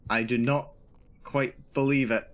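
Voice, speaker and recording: Male streamer, mid-pitched, nervously self-narrating through a horror game, repeats lines when scared. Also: steady tone, unhurried. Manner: jittery, repeats himself, narrates his own nerves. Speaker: VTuber streamer. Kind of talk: live horror gameplay commentary.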